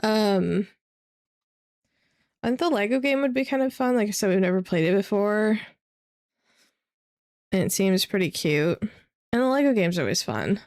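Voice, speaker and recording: A tired young woman chatting casually as a streamer, with vocal fry and lots of fillers. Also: mid-range voice, lively intonation, moderate pace, long pauses, darkish tone. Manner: rambling, many fillers. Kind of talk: casual chat.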